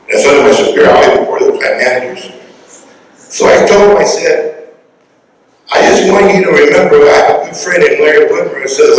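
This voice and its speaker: An older man speaking at a memorial service, telling rambling, emotional stories about a late friend. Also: a little high. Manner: storytelling, repeats himself, emotional. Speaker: eulogy speaker. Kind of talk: heartfelt memorial speech with anecdotes. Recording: echoey hall, speaker far from mic.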